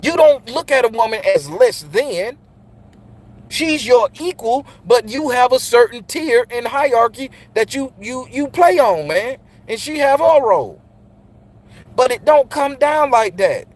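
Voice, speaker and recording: Unhurried and expressive, a middle-aged man hosting a channel for men speaks directly to his listeners in a casual monologue that is blunt, profane and preachy. His voice is very high.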